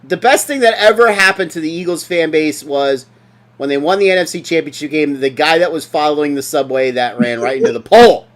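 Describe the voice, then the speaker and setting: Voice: medium pitch, fairly quick. A podcast co-host in casual sports chat, ranting and mocking with lots of swearing.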